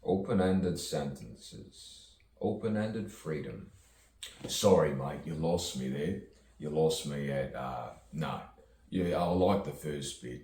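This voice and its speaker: A man with a very low, deep voice drifts through a slow, free-associating monologue, playing with rhymes and chuckling at his own lines. He sounds like he's sitting well back from the mic in an echoey room, with a faint hum of background noise. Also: lively intonation, darkish tone, far from the mic. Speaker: poet. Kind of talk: rambling stream-of-consciousness monologue.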